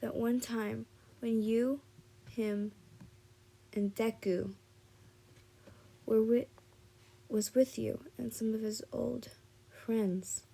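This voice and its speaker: Woman, tired, fan fiction reading, slow, mellow, stumbling restarts. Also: on the high side, fairly even intonation, gravelly, husky. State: tired and yawning. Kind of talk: reading a fan fiction listener story aloud.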